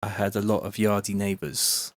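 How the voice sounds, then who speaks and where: A man's voice: on the low side, completely flat delivery, moderate pace. A man chatting casually and swearing while he makes music and reads viewer comments aloud. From Bristol, England. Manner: laid-back, rambling, swears, reads chat comments aloud. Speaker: music producer hosting a livestream. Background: faint music from the track being made.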